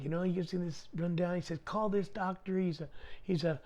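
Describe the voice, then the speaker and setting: A middle-aged man, a podcast guest, telling his life story in casual talk, slangy and animated, acting out the dialogue. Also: high voice, fairly quick.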